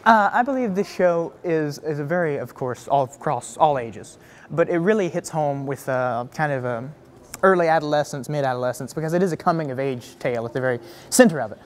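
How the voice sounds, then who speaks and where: A teenage boy, a young stage actor, eagerly answering interview questions in an articulate, quick way with casual fillers. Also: a little high, animated. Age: teens. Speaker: youth theater actor.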